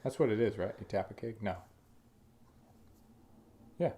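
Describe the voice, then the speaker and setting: A man's voice: fairly low pitch, measured pace, warm tone. A man co-hosting a casual podcast chat in a put-on American Southern drawl, joking and swearing freely. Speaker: podcast co-host.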